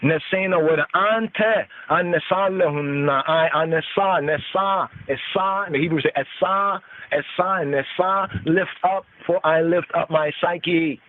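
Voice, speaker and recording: A man slowly teaching a psalm on a call-in podcast, reading each verse aloud and then repeating and explaining it word by word. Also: fairly high pitch. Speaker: podcast host teaching scripture. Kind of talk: slow devotional scripture teaching. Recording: tinny phone-line call-in audio.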